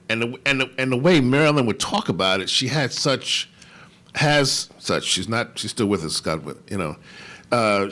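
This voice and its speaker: A man on a conference panel telling a personal story, halting and emotional, with many restarts and fillers. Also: lowish voice, a bit bright. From New York. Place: conference hall.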